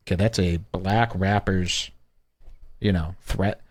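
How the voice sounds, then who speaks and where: A man's voice: low-pitched, fairly even intonation, slow. A man hosting a casual commentary show, reading posts aloud with sardonic asides and mocking quote voices. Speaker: show host.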